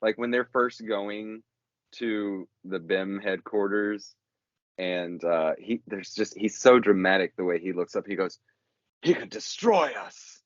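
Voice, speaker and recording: Low-voiced man rambling fondly. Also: steady tone, unhurried, no echo. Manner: rambling, fond and joking. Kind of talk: casual chat. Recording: dull, lo-fi, dry.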